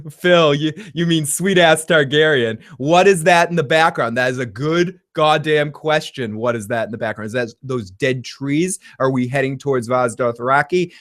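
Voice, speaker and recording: A man with a slightly high-pitched voice hosts a casual reaction livestream. He rambles, jokes, swears freely and laughs often. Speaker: livestream host. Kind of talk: casual reaction chat, reading viewer comments.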